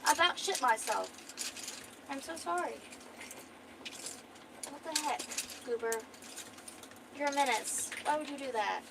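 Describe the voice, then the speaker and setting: A woman's voice: high-pitched, expressive, measured pace, vocal fry, pauses often, noisy background. A young woman streamer chatting casually and rambling with swearing while she draws. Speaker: art streamer. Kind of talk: casual chat.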